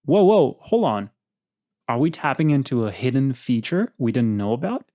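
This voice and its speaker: A man's voice: mid-range voice, very animated, moderate pace, a little mellow, no room sound, clean studio sound. A man hosting a casual chat, blunt and probing as he questions an AI. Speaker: host.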